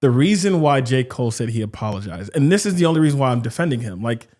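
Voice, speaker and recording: A man co-hosting a podcast in casual chat, animated, acting out other people's quotes as he talks. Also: fast. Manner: animated, acts out quotes with shifting pitch. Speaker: podcast co-host.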